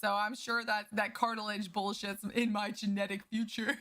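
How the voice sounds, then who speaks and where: A woman's voice: medium pitch, little pitch movement, normal speed, a bit bright. A woman livestreamer chatting casually with her viewers, candid and profane as she vents. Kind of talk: casual chat with stream viewers.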